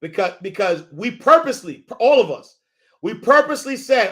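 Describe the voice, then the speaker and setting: A man hosting a motivational faith talk. He speaks in animated, repetitive, preacher-like build-ups, uses street slang and calls his listeners y'all. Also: high voice, normal speed. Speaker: host.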